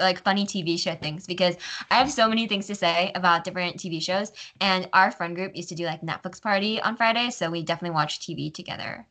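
A woman's voice: lowish voice, pushed and bright. A young woman co-hosting a podcast in casual chat, giggly and bubbly, with lots of "like" fillers. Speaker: podcast co-host.

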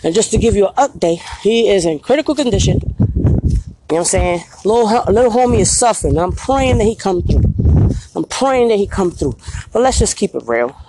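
Woman, street vlog rant, blunt and profane, lively swooping delivery, faint noise behind. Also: medium pitch, fairly quick. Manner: profane, blunt, repeats "you feel me". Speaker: vlog host. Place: street outdoors at night. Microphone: phone held while walking.

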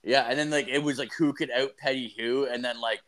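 A young man rattling through a story on his podcast, swearing in nearly every line. He keeps restarting his sentences and jumps into a louder, higher voice to act out what people said. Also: steady tone, a little fast. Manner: rambling, swears constantly, acts out quotes in raised voice. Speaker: podcast co-host. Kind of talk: casual profane chat.

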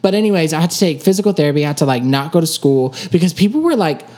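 Young woman, low voice, casual chat, animated storyteller, laughs often. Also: racing.

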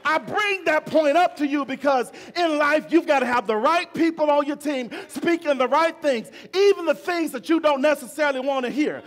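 A man's voice: very high voice, normal speed, few pauses. A male pastor preaching a sermon, emphatic and repeating phrases for stress. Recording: long reverb of a large hall.

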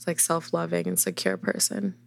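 A woman's voice: very deep voice, big pitch swings, normal speed, gravelly, no echo. A woman guest talking candidly and thoughtfully about her work as a dancer, earnest and reflective. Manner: earnest, reflective, some restarts. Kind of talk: candid interview answers.

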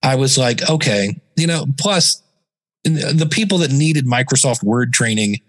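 A man's voice: medium pitch, a little slow. Chatty man telling stories as a guest. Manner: chatty, acts out quoted people in animated voices. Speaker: podcast guest. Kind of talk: casual interview storytelling.

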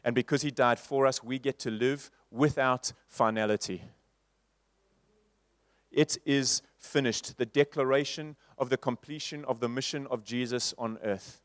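A man preaching a sermon in a church, moving from loud repeated refrains to soft, slow passages. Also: medium pitch, steady tone, no echo. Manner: rhetorical, building to loud repeated refrains then dropping soft.

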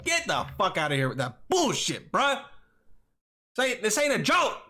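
A young man hosting a solo podcast, rambling and swearing, with bursts of yelling. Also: high-pitched, wildly swooping pitch, moderate pace. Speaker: podcast host.

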